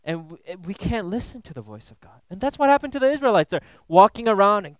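A man's voice: sits high, expressive, quick pace, clean tone, no room sound. A man preaching a conversational Bible teaching sermon, casual and playful, tossing in "you know" and "right?" asides. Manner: playful, laughs at his own jokes.

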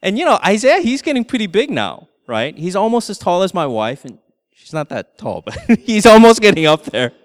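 High-voiced man preaching in a hall. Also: normal speed. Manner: storytelling, animated, laughing through anecdotes. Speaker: pastor. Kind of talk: sermon.

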